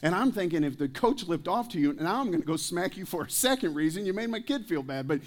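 Pastor, male, slightly raised pitch; preaches through anecdotes and jokes, asks the room questions. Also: lively intonation, fast. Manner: joking, anecdotal storytelling; addresses the congregation with questions. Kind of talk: sermon. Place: church service.

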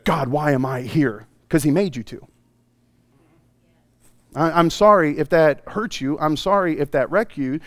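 A man preaching a sermon as a pastor, telling the story in a comic, animated way with playful asides. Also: fairly high pitch, dry recording. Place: church sanctuary.

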